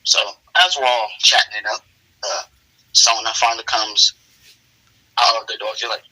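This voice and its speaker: A man narrates an improvised story in casual chat, wandering through details with frequent fillers. His voice is very bright and crisp. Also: on the low side, normal speed, pauses often, low-quality recording. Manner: relaxed, rambling narration with many fillers.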